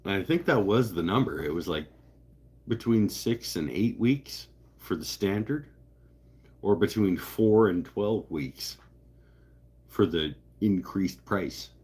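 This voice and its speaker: Husky low-voiced man chatting on a livestream. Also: animated, slow pace, darkish tone. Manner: rambling, joking, self-interrupting. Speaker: livestream host. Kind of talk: casual chat reading live comments.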